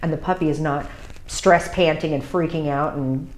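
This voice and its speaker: A woman with a notably low speaking voice gives an instructional talk on dog grooming. She speaks emphatically as an experienced groomer and educator, hammering home her main points. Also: fairly even intonation, moderate pace. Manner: emphatic, repeats key points.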